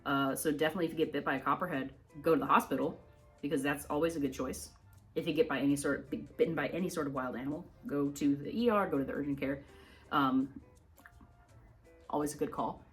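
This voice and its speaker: Woman, from Minnesota, casual educational vlog host, chatty, rambling, low-pitched, soft music behind. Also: fast talker. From Minnesota, United States. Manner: rambling, chatty storyteller who wanders off topic; laughs often while talking. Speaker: reptile channel host.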